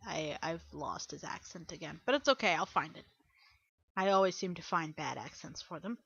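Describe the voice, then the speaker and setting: Chatty woman streamer, bright voice. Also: low-pitched, moderate pace, vocal fry, muffled recording, faint music behind. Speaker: streamer reading a visual novel. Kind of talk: casual live-stream commentary.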